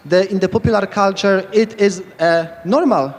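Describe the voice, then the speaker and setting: A man's voice: high voice, normal speed. A man from Poland with a Polish accent, giving an enthusiastic, rambling lightning talk full of fillers. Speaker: speaker giving a short conference talk. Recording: echoey hall reverb.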